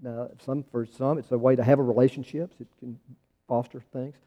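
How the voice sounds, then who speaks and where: A male pastor from the United States with an American accent delivers a conversational sermon, restarting phrases and pressing his questions harder. His mid-range voice is steady and warm at a fairly quick pace, and the sound is dull in a large reverberant hall.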